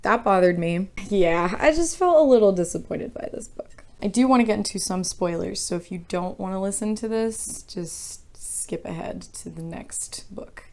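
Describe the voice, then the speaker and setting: A woman's voice: mid-range voice, expressive, normal speed, hardly any pauses, a little mellow. A young woman casually ranting about a book she reviews, frank and exasperated, swearing freely and rambling.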